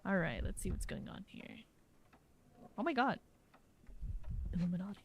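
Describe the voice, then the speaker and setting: A woman's voice: mid-range voice, sing-song, normal speed, gravelly, a little hiss or hum. A woman streaming a game, giving casual, playful commentary and talking to herself.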